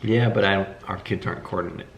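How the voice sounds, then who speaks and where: A man's voice: low voice, fairly even intonation, fast, creaky, slight background noise. A young man co-hosting a casual chat with a laid-back, dry manner. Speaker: co-host. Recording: roomy echo.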